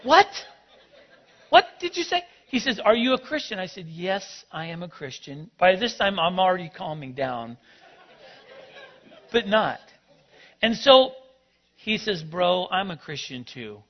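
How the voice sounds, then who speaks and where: A man with a high voice tells a personal story in a sermon at normal speed, an animated storyteller acting out both sides of the conversation. Some chatter sits behind him, and the sound is dull and lo-fi.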